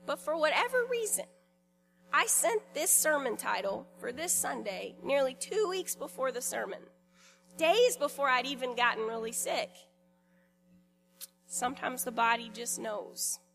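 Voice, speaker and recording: A woman pastor giving a sermon in a church in a conversational, lightly humorous way, pausing deliberately between phrases. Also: high voice, animated, creaky, fairly bright tone, soft background music.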